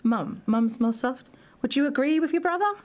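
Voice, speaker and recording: A woman's voice: high voice, expressive, moderate pace. A woman hosting as a parenting expert, talking directly and probingly with parents and children, often repeating phrases for emphasis. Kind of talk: coaching talk with parents and children.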